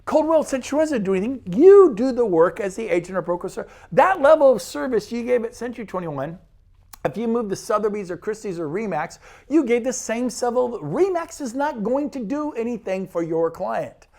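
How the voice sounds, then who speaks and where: A man, a real estate broker, giving an enthusiastic and persuasive sales pitch presentation. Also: lively intonation, creaky, dark tone. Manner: enthusiastic, persuasive, rapid lists.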